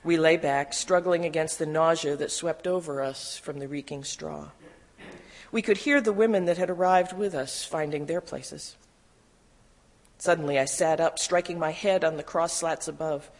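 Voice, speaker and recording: Memoir reader in an echoing hall. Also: medium pitch. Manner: steady, measured storytelling. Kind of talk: reading a first-person memoir aloud. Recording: long hall reverb.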